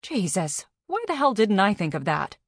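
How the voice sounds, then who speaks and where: A brash, playful pregnant woman, voiced by a woman reading an audiobook, a little higher than the reader's own voice. She tosses off wisecracks in an offhand way. The sound is close and dry. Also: big pitch swings, moderate pace, no room sound. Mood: wisecracking.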